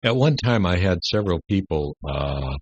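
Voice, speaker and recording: Deep-voiced older man telling stories. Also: animated, no room sound, lo-fi sound. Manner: rambling anecdotes with many "uh" pauses. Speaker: guest entertainer. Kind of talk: casual radio interview.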